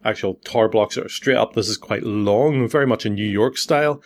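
A man's voice: fairly low pitch, fairly quick. A middle-aged man with a Northern Irish accent, hosting a podcast and summing up a comic with wry, joking asides. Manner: wry, jokey, then earnest. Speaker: podcast host. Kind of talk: casual chat, comic synopsis.

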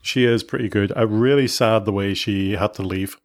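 Hosting a relaxed family podcast, this middle-aged man speaks on the low side at a moderate pace. He chats freely, fires off questions, and keeps restarting sentences.

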